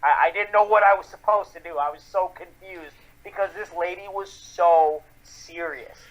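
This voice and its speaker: A man's voice: sits high, moderate pace. Young male co-host, casual rambling storyteller, muffled lo-fi recording. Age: young adult. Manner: rambling, repeats words, restarts sentences. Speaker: podcast co-host. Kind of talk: casual chat, telling a story.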